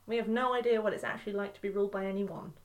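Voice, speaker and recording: A woman's voice: mid-range voice, rapid-fire. A woman with a Northern English accent co-hosting a podcast, giving blunt, emphatic opinions in casual chat. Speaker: podcast co-host.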